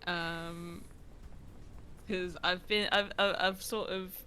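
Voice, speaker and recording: A woman's voice: on the low side, fairly even intonation, slow, sharp tone, slight background noise. A young woman with a southern English accent touched by Manchester, chatting casually and giggling often while co-hosting a game stream. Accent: southern English, with a slight Manchester influence. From south of England. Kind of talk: casual chat while gaming.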